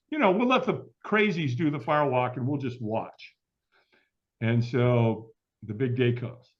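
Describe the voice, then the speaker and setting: A middle-aged man telling a long story as an interview guest, acting out the voices of the people in it. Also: medium pitch. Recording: dull lo-fi audio.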